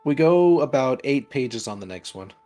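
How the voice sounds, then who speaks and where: A man chatting casually on a game stream, animated and quick to laugh, talking about his own storytelling. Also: mid-range voice, soft background music.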